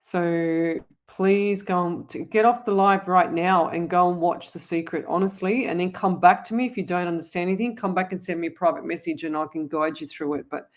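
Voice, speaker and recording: A psychic medium hosts a live online Q&A, her voice set a little low for a woman. She talks casually and earnestly, pressing her point again and again and calling viewers "lovey". Her advice comes across as urgent and heartfelt. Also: a little fast, hardly any pauses. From Australia. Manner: addresses viewers as lovey and guys.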